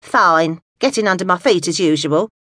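A woman's voice: fairly low pitch, expressive, moderate pace, a bit bright, no echo, clean studio sound. A woman voicing a querulous, pushy older woman on the phone, whiny and impatient, for an audiobook. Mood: indignant. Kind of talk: audiobook dialogue.

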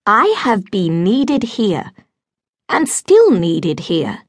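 A woman voicing a gentle older spinster governess in an audiobook, earnest and pleading. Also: mid-range voice, sing-song, extremely slow, no room sound, studio quality, pitched above the performer's own voice, full character voice.

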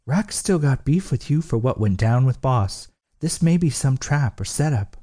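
A man voicing a worried young woman who speaks softly and pleads with her lover. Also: medium pitch, expressive, moderate pace, pitched above the performer's own voice, lightly acted. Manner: soft, pleading.

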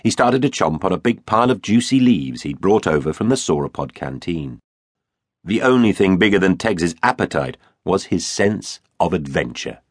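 Deep, animated male narrator for a kids' adventure story, playful and theatrical, dry close studio sound. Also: normal speed, no echo. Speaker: audiobook narrator. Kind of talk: children's audiobook narration.

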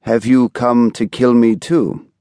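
A man voicing an aging, cultured German exile with precise, carefully polished speech and a quiet, menacing edge. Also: mid-range voice, little pitch movement, takes it slowly, no echo, pitched above the performer's own voice.

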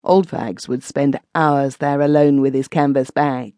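A woman narrating a classic short story as an audiobook reader, in an expressive storytelling manner. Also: rumbling low, a little slow, no room sound, studio quality. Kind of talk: scripted narration.

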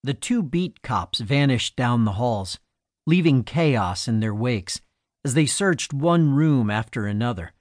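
A man narrating a crime novel audiobook in a measured, even storytelling manner on a close studio mic. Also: medium pitch, dry recording. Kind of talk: scripted narration.

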